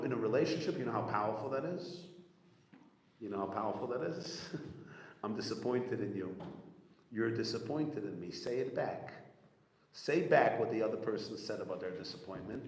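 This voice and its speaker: Animated male storyteller in an echoey hall. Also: medium pitch. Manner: animated storyteller, repeats phrases, acts out quotes. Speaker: rabbi speaking at a gathering. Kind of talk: storytelling talk to an audience. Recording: echoey hall with long reverb, faint room noise.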